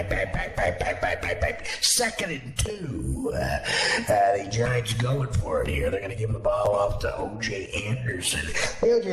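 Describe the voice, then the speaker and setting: A man riffing crude mock sports commentary, jumping between jokes and mocking voices. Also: mid-range voice. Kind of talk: crude improvised comedy commentary. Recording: echoey room with background noise.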